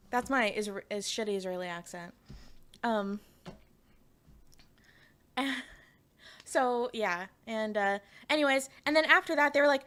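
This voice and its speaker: Rambling young woman streamer, fairly high voice. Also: a little slow, pauses often, fairly bright tone. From Canada. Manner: rambling, laughing, lots of fillers and restarts, talks to chat. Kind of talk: casual storytelling stream chat.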